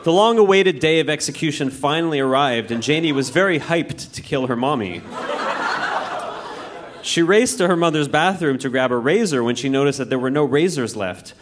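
A man reading his own childhood story aloud to a live audience, in a deadpan, mock-dramatic manner. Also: a little high, moderate pace, background noise. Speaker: reader. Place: live show in a music venue.

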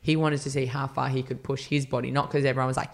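Chatty man, gravelly voice. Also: medium pitch, little pitch movement, quick pace. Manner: chatty storyteller, acts out quotes, many fillers. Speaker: podcast guest, runner. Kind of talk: casual interview chat.

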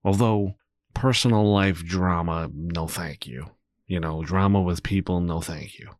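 A young man hosting a solo podcast, talking candidly and rambling, swearing freely as he swings between low muttering and animated bursts. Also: a little slow, dry recording. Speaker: podcast host.

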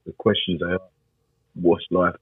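Emphatic husky-voiced pastor man. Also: low-pitched, flat delivery, moderate pace, dry recording, narrow, tinny audio. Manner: emphatic, repeats "you know what I'm saying". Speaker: pastor and gospel singer. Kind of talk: casual conversation.

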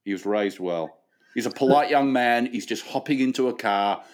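A man co-hosting a comedic podcast, reacting quickly with playful teasing. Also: mid-range voice. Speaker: podcast co-host. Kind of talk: comedic casual chat.

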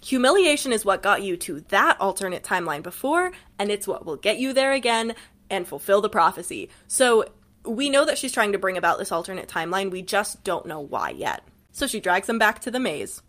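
A woman's voice: mid-range voice, big pitch swings, fairly quick, a bit bright. A woman co-hosting a casual book podcast, wry and critical, laughing often as she retells scenes. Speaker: podcast co-host.

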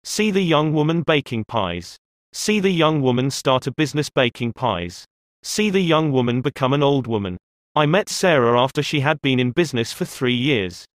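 A man narrates an audiobook in a measured, expressive storytelling style. His voice sits at a medium pitch, and the recording is dry and studio quality.

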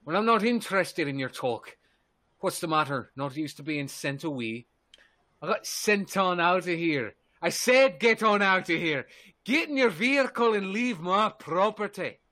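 A man playing a gruff, grieving lumberjack in his fifties who snaps at strangers. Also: high voice, expressive, moderate pace, bright, forceful tone. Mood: bitter. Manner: bitter, snapping, defensive.

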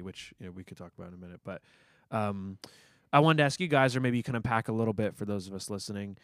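A young adult man hosting a podcast in casual chat, relaxed and rambling with fillers. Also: fairly low pitch, no echo. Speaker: podcast host.

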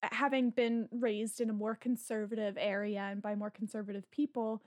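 A woman's voice: mid-range voice, flat delivery, moderate pace, a little mellow, no echo, studio quality. A woman co-hosting a podcast, chatting casually and enthusiastically about a film, laughing easily and trailing off mid-thought. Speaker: podcast co-host. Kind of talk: casual film review chat.

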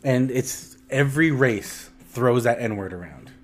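A man's voice: mid-range voice, expressive, measured pace. A man in a casual podcast conversation, with an ordinary mid-range voice. He talks emphatically, often stumbling over and repeating his opening words before making his point. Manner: emphatic, repeats words when starting a thought. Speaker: podcast co-host.

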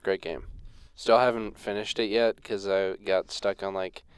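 A man's voice: lowish voice, little pitch movement, measured pace, clean tone, no room sound. A young man co-hosting a casual podcast chat, enthusiastic and often restarting his sentences. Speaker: podcast co-host.

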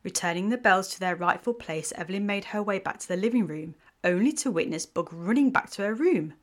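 A woman's voice: mid-range voice, lively intonation, brisk. Woman narrating a romance story.

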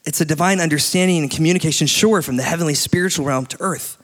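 A man in his late thirties preaches to a church, slipping into stories and laughing along the way. His voice sits a little higher than most men's. Long reverb from the hall trails each phrase. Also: quick pace. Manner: animated storytelling, laughs often. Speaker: pastor. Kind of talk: sermon.

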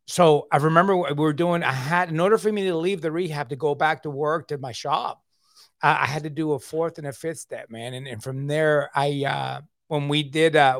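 A man's voice: on the high side, fairly bright tone, no echo, studio quality. A middle-aged man telling a personal recovery story in a casual, confiding way. He often repeats words and keeps saying "man.". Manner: earnest, confiding.

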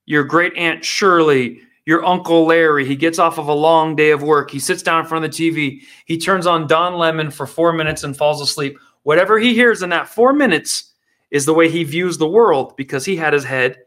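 A man's voice: fairly high pitch, a bit bright. A man performing political stand-up comedy in a sarcastic, mocking manner.

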